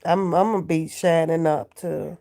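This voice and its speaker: A woman's voice: low voice, fairly even intonation, moderate pace, mellow. A woman who is sick with a cold, chatting from her bed on a live stream, profane and laughing as she banters with her chat. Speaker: vlogger talking to live chat. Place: in bed at home.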